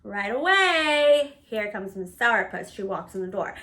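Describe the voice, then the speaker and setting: A woman in her thirties casually telling a personal story in a candid, animated way, with plenty of swearing. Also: on the high side, a little slow. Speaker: storyteller recounting work life.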